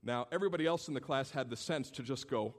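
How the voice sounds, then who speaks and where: A male pastor preaching a sermon, telling stories in an animated way and acting out the people in them. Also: mid-range voice, fast talker. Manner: animated storytelling, acts out the people in his stories.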